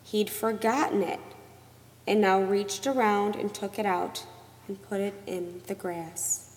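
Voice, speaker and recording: A woman reading a novel aloud as narrator, in a measured, expressive storytelling manner. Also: mid-range voice. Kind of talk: audiobook narration. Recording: long reverb.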